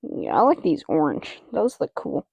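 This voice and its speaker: An excitable woman calls her own football video game as she plays, chanting player names and muttering to herself between plays. Her voice carries a gravelly fry, and the recording is close and dry, with no room around it. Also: deep voice, moderate pace, dry recording, dull audio. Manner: excitable, repeats player names, talks to self. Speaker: gaming channel host. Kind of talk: live video game commentary.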